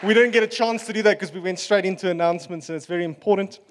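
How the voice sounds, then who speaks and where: A man preaching a sermon as pastor, earnest and relaxed, with fillers and asides. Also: sits high, racing, in a large hall, some chatter behind, slight background noise.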